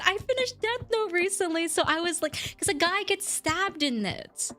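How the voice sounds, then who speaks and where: A woman's voice: very high-pitched, lively intonation, normal speed, hardly any pauses, bright, forceful tone, soft background music. A woman streamer chatting casually with her viewers, rambling and giggling as she answers chat.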